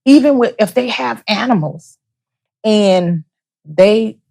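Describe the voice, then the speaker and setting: A woman speaking as an interview guest, giving personal testimony as a bereaved mother, soft-spoken and halting, often repeating her words. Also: mid-range voice, animated, gravelly.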